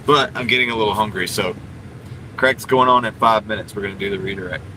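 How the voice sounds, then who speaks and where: With a fairly low, sharp voice and a quick pace, a man runs a casual livestream from inside a parked car, reading comments and rambling with many fillers. The low-quality audio carries a little hiss or hum.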